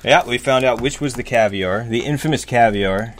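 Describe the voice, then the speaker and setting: A man's voice: mid-range voice, moderate pace. Wisecracking man reviewing food rations. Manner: wisecracking, sarcastic. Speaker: video reviewer. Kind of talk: casual joking chat. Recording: faint background noise.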